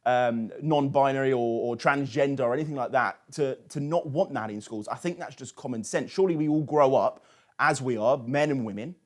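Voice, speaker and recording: A man's voice: mid-range voice, a little fast. A man hosting a political talk show, asking long questions with frequent restarts. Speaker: host.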